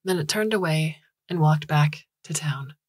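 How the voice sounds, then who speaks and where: A woman narrating a science fiction short story in a calm, even storytelling manner. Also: low-pitched, a little slow, breathy edge, no room sound. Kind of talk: scripted audiobook narration.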